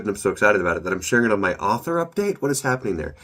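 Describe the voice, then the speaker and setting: Male author, very low voice, a bit nasal from allergies; loose, rambling, upbeat update. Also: lively intonation, fast talker, fairly bright tone. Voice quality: slightly nasal. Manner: rambling, upbeat, self-correcting. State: recovering from a cold and allergies. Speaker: author giving a weekly update. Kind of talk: casual solo update.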